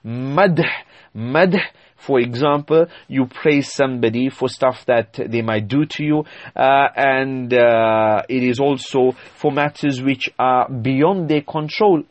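An Islamic preacher with a mid-range voice gives a sermon slowly, explaining terms emphatically like a teacher and hesitating often. The recording is lo-fi with no echo.

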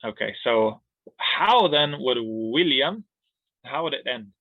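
In an online class, a man explains Arabic grammar slowly and expressively in a mid-range voice, cracking jokes amid laughs and siren noises. His line sounds tinny and phone-like, with no echo.

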